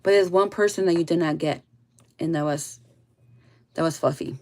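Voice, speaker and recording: A woman giving a casual spiritual reading to her viewers, blunt and full of swearing, often trailing off soft and low. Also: normal speed. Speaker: tarot reader.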